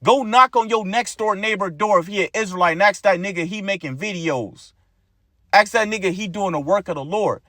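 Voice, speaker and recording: A man delivers an informal sermon in a high voice, pressing his points with profanity and repetition. He keeps tagging his phrases with "man". The sound is close and dry. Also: fairly quick, sharp tone, dry recording. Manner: blunt and profane, repeats lines, ends phrases with "man". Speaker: preacher.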